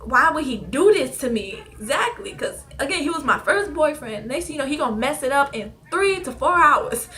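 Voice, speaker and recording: A teenage girl casually telling a personal story on her vlog, animated and slangy, often laughing between lines. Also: high-pitched. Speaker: vlogger.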